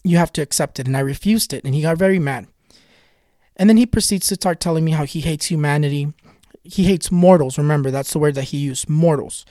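A spiritual storyteller and tarot reader with a fairly high voice shares an eerie personal experience, speaking casually, earnestly, and a little fast in a dark tone. He repeats himself to build suspense and keeps retelling the dialogue with lots of "he goes" quotes. The recording is dry and close.

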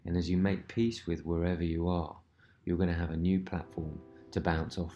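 A man with a deep, low-pitched voice hosts a self-help podcast. He talks in a relaxed, reflective way and often drops in "you know" as he goes. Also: moderate pace, faint music behind. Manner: easygoing, many "you know" fillers. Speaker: podcast host.

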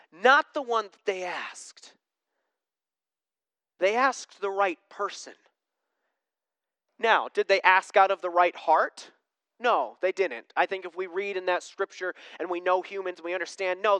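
A pastor giving a sermon in a conversational way, asking the congregation questions and swinging between emphatic preaching and hushed tones. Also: medium pitch, no echo.

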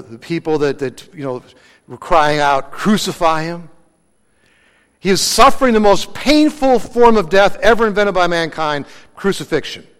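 Guy pastor preaching, high voice, asks the crowd stuff then answers it, big echoey hall. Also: fairly bright tone, smooth. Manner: asks the congregation questions and answers them. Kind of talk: sermon. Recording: long hall reverb.

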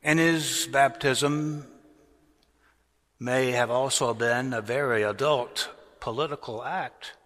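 A man preaching a sermon as a pastor, deliberate and rising to strong emphasis on key words. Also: medium pitch, a bit bright. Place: large cathedral. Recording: long cathedral reverb.

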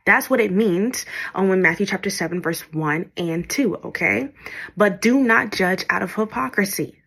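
A woman's voice: medium pitch, normal speed, vocal fry, fairly bright tone, husky. A woman teaching the Bible in an informal podcast style, often checking in with "okay?".

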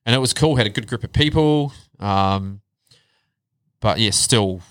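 Thirties New man, low-pitched and candid, swears casually, dry close mic. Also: unhurried, a bit bright, no echo. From New Zealand. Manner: candid storytelling, swears freely, drops to a low murmur on hard parts. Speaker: guest. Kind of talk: casual chat.

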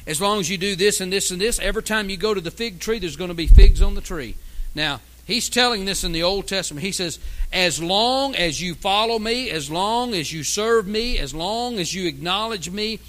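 A man's voice: sits high, expressive, normal speed, pushed and bright, low-quality recording. A man preaching a sermon in a folksy, emphatic way, reading scripture aloud. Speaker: pastor.

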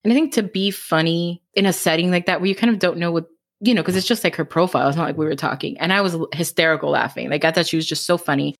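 Fast-talking woman with a Miami accent. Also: on the low side. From Miami, Florida. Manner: fast-talking, animated, laughs often. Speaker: author guest. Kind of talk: casual interview chat.

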